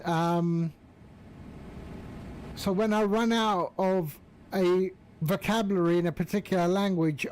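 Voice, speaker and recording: Unhurried high-voiced man. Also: background noise. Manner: chatty, greets viewers by name. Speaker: flight-sim streamer. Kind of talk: casual live-stream chat.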